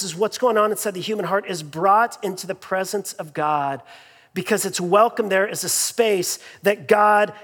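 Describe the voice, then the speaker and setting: A man's voice: sits high, a bit bright, husky. A man preaching a sermon as pastor, in a conversational way with fillers and repeated phrases, in a church sanctuary. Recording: long reverb in a large hall.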